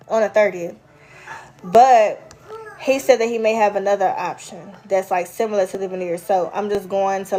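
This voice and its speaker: A woman's voice: medium pitch, darkish tone. A woman chatting casually with her viewers, rambling from story to story and answering their comments. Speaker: vlogger. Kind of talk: casual live chat with viewers.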